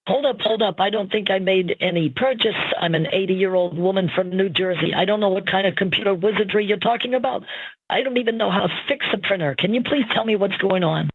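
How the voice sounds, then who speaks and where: A woman's voice: mid-range voice, a little fast, breathy edge. A synthetic voice playing an eighty-year-old woman who politely but firmly questions a bill she does not understand. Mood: puzzled. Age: 80s. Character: confused elderly woman, insistent and puzzled. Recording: tinny phone line.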